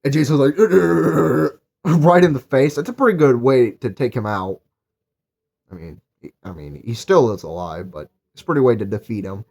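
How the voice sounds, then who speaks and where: A man's voice: medium pitch, lively intonation, a little fast, a little mellow. Rambling young man reviewing a movie. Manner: rambling, filler-heavy, enthusiastic. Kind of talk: casual movie recap and review.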